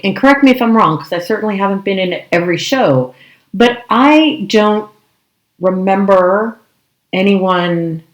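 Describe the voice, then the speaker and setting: A woman co-hosting an improv podcast, talking in a measured, thoughtful way and often checking in with "right?". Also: mid-range voice. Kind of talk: casual discussion. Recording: echoey room.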